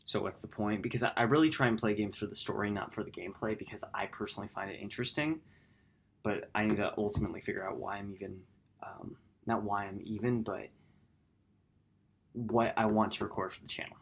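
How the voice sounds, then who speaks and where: A man's voice: fairly quick, gravelly, husky. A man hosting a gaming channel, talking through his upload plans in a rambling, self-correcting late-night vlog. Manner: quiet, low-key.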